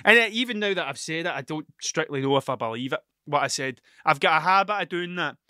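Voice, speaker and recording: A man's voice: a little high, lively intonation, fast, sharp tone, smooth, no echo, studio quality. A young Scottish man talking in a sweary, rambling monologue, often cutting himself off and restarting, as the host of his own show. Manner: sweary, rambling, self-interrupting. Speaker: podcast host.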